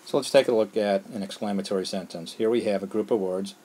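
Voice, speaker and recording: A patient teacher whose low voice moves through the explanation one step at a time. He keeps checking that his students follow along. A faint hiss of noise sits under the recording. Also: steady tone, quick pace, dark tone, poor audio. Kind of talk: classroom lesson screencast.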